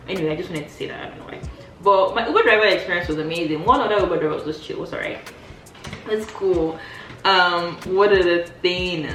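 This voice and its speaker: A woman chatting casually in a vlog, telling stories in an animated way and acting out what people said. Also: fast, recorded from a distance, a little hiss or hum. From Nigeria. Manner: animated, acts out quoted dialogue with big pitch jumps. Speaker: vlogger. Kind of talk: casual storytelling chat. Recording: roomy sound from off the mic, faint music.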